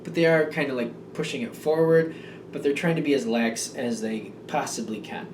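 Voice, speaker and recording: Recorded far from the mic in a roomy space with a noisy background, a tarot reader of medium pitch talks at normal speed. He's yawning and somewhat drowsy, wandering through a casual reading full of fillers and restatements.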